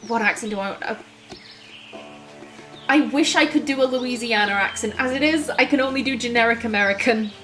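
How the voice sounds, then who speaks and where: A woman's voice: a little high, a little fast, fairly bright tone. Chatty woman host, frank asides while playing, game music behind. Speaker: let's play host. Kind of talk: casual game commentary.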